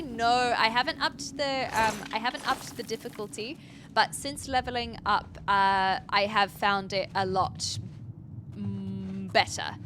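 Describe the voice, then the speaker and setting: A woman's voice: mid-range voice, fairly even intonation, unhurried, background noise. A woman from New Zealand with a formal, British-sounding accent and a slight Kiwi twinge, chatting casually while streaming a game. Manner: formal, precise speech. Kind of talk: casual gameplay commentary. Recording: game music playing behind the voice.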